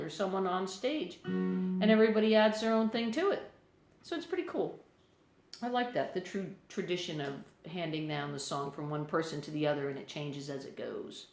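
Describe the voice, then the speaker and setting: Rambling American woman in an echoey room. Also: lowish voice. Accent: American, partly English. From United States. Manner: chatty, rambling, greets viewers warmly. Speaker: musician livestreaming. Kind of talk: casual livestream chat. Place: indoors, a room in a house.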